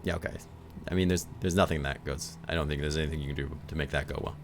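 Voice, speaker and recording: Man, streamer, low voice, gravelly, joking commentary, reads game text aloud. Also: steady tone, fast, background noise. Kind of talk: let's play commentary.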